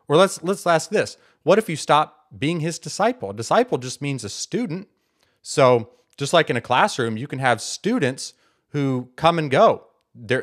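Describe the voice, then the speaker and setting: A man's voice: mid-range voice, fairly bright tone. A man hosting a Bible teaching video, arguing his point emphatically and repeating words for stress. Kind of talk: casual apologetics monologue.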